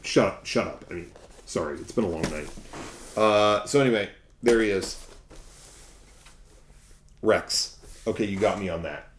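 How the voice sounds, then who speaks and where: A man spins a collecting story like an epic tale. He swells loud, then drops to near-whispers for effect. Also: fairly low pitch, a little slow, long pauses, a little hiss or hum. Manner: dramatic, swings between loud and hushed. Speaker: toy collector vlogger. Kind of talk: mock-epic storytelling to camera.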